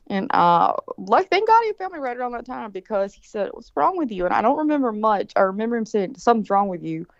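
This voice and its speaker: A woman's voice: medium pitch, no echo. Profane rambling woman storyteller, lo-fi. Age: 40s. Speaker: show producer, co-host. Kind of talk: casual storytelling chat.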